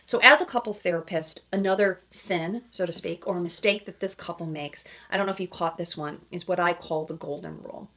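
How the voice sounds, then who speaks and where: A woman's voice: fairly low pitch, fairly quick, few pauses, sharp tone. A woman couples therapist giving emphatic reaction commentary, often checking in with asides like "okay?" and "right?". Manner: emphatic, acts out quoted lines in other voices.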